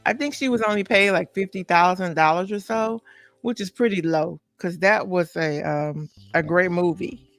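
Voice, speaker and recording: A woman's voice: on the low side, moderate pace, no room sound, faint music behind. A woman hosting a celebrity gossip podcast in casual chat, talking straight to her viewers with many asides. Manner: chatty, talks straight to viewers, many asides and "okay?" tags. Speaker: podcast host.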